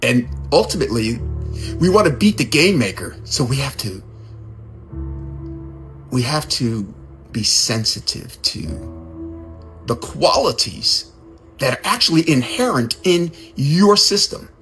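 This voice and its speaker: Animated man giving a casual sermon. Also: mid-range voice, a little slow, long pauses, faint music behind. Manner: conversational, animated, repeats words. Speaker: speaker.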